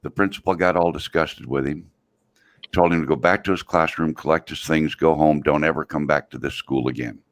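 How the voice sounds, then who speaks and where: A middle-aged man, a video host, telling a long joke in a folksy, drawn-out way. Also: extremely low pitch, no room sound.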